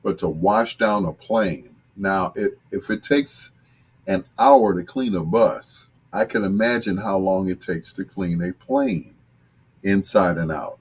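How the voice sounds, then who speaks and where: In an unhurried, relaxed manner, an older live-stream host with a husky, deep voice goes through viewer comments, chatting and cracking jokes.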